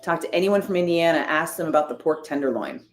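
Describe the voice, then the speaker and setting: A woman's voice: sits low, expressive, fast. A woman streamer chatting casually as she reads out and answers her viewers' messages, with wry, sarcastic asides. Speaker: streamer reading chat. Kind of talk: casual chat. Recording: roomy echo.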